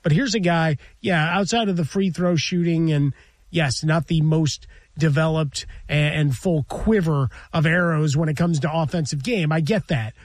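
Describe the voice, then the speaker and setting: A man's voice: on the high side, moderate pace, no room sound. A man co-hosting a sports radio show from a studio, talking in a wordy, analytical way with dry wit. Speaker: radio sports talk co-host. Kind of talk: casual studio banter. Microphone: studio mic.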